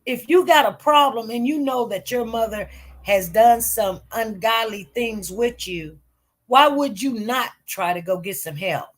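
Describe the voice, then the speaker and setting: A woman's voice: on the high side, a little slow. A woman giving casual, emphatic commentary on news stories, repeating herself and talking informally. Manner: emphatic, repetitive, animated.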